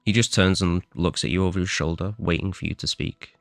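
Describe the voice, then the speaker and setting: Deep, gravelly male game master. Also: steady tone, no room sound, soft background music. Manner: unhurried, with fillers. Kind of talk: narrating a tabletop game.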